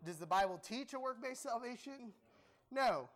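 A young man preaching a sermon in an animated, joking, emphatic way. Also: very high-pitched, moderate pace.

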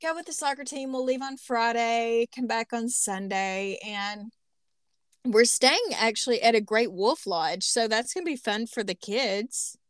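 A woman in her thirties co-hosts a podcast, her fairly high voice rambling through casual chat and self-deprecating jokes. She records in a small closet, so the sound is close and dry. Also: a little slow, no echo. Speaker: podcast co-host.

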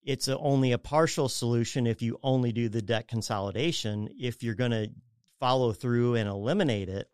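A man talks through money and home equity on a radio show. His voice is smooth and clear, recorded dry and close with no room sound. He rambles in a friendly, casual way, often doubling back to rephrase. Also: medium pitch, a little fast, a little mellow, no room sound. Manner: rambling, self-correcting, acts out clients' voices. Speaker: mortgage advisor guest. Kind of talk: casual radio talk explaining finances.

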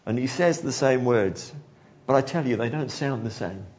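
A man preaching a sermon, telling the story with animated delivery, acting out quotes and chuckling now and then. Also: mid-range voice, normal speed, muffled recording.

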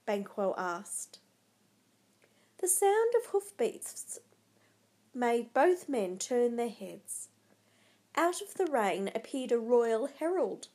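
Slow, dramatic female storyteller. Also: on the high side, very animated, mellow. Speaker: narrator. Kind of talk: storybook narration.

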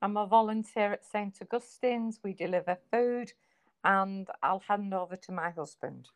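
Mancunian woman, cheerful and eager, mid-pitched voice. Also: normal speed. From Manchester, England. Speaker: volunteer. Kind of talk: interview.

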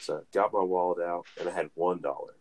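Deep-voiced man telling a rambling story. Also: fairly even intonation, fast, a little hiss or hum. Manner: rambling, laughs while telling stories. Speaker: podcast co-host. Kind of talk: casual storytelling.

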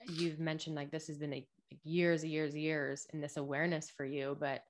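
A woman host asking a guest questions in a soft, hesitant way. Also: low voice, level tone, moderate pace, slight background noise. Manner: soft, reactive, gives short murmured replies. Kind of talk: casual interview.

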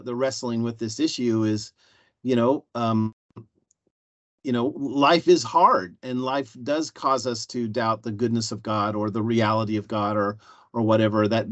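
A man's voice: mid-range voice, no room sound. A man in a church panel discussion who speaks hesitantly, with many fillers and restarts. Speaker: panel member. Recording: slightly dull dry sound.

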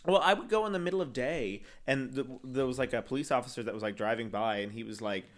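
A man co-hosting a podcast in casual chat, telling stories and laughing often. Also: mid-range voice. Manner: storytelling, quick to laugh. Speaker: podcast co-host.

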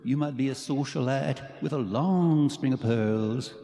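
A man's voice: mid-range voice, a little slow, dark tone, lightly acted. A man putting on an exaggerated impression of a famous older male folk singer, half singing, half speaking in a nasal drawl. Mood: mock singing. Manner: exaggerated, sung-spoken delivery. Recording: echoey hall with long reverb.

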